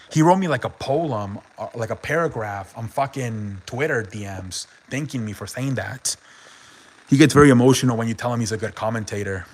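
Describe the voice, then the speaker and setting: A man's voice: mid-range voice, fairly quick. Rambling man hosting casual sports stream. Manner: rambling, swears often, reads chat aloud. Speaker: sports streamer host reading chat.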